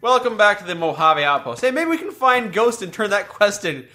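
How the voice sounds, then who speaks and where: Male co-host, higher pitch, wry teasing tone. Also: animated, brisk, pushed and bright. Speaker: co-host playing a game. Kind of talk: casual gameplay banter.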